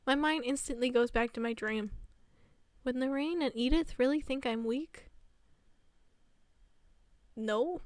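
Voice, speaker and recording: A woman streamer reading a visual novel aloud on stream, animated and easily flustered. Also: high-pitched, measured pace, long pauses, no room sound, studio quality.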